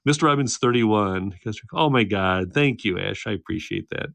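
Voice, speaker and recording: A man's voice: on the low side, expressive, normal speed, gravelly, a bit bright, no echo. A man in his thirties hosting a casual livestream chat, reading viewer comments, teasing and laughing often. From United States. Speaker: livestream host. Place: home, indoors, by a candle.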